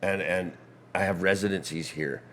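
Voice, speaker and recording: A man's voice: low-pitched, fairly even intonation, moderate pace, a bit bright. A middle-aged man, a guest musician, telling stories with lots of laughs over drinks in the back bar of a pub. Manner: storytelling, laughing often. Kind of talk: casual chat over drinks.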